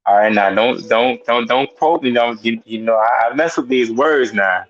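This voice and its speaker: A man hosting a casual spiritual talk, halting and often repeating his words as he explains and reads aloud. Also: medium pitch. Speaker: host. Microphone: headphones and mic. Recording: muffled lo-fi sound.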